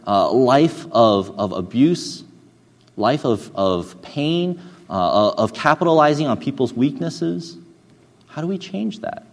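A man preaching a sermon in an earnest, hesitant way, often restarting and dropping soft and low when he tells a story. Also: sing-song, takes it slowly. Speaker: pastor. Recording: long hall reverb.

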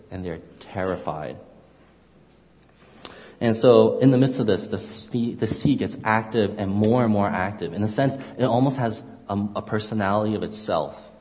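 A man's voice: lowish voice, dark tone. A man preaching a sermon, explaining Hebrew wording and acting out the characters' lines. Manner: expository, explains Hebrew words, acts out dialogue. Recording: lo-fi with long hall reverb.

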